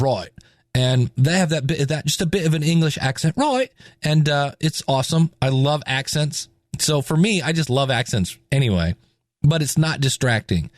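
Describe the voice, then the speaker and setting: A man's voice: medium pitch, dry recording, clean studio sound. A man hosting a podcast, talking casually and animatedly with jokes and asides. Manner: animated, chatty, joking. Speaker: podcast host.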